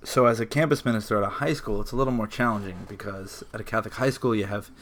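A man working as a high school campus minister, chatting on a podcast in a halting way with many fillers. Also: fairly bright tone. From New York area. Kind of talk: casual podcast chat.

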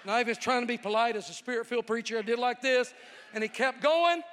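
A male evangelist preaching a sermon with animated, folksy, joking storytelling to a live audience. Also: very high-pitched, fast, slight background noise. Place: large hall with audience. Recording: reverberant hall.

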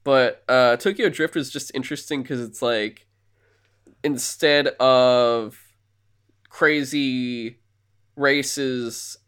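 A man's voice: medium pitch, takes it slowly, pauses often, smooth. A man co-hosting a podcast, recapping a film in loose, rambling chat and acting out lines from it. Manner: rambling, animated movie recap with acted-out quotes and laughs. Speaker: podcast co-host. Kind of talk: casual chat.

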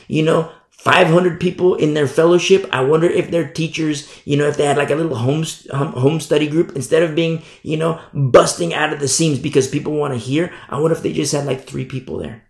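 A man preaching a sermon as pastor, emphatic, swinging from loud declarations to hushed asides and mimicking sinners' excuses. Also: fairly high pitch, vocal fry, reverberant.

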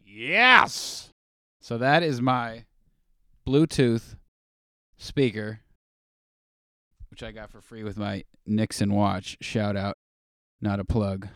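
A man's voice: lowish voice, takes it slowly, long pauses, sharp tone, dry recording, studio quality. A man hosting his own podcast in rambling, profane, self-deprecating casual chat. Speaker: podcast host.

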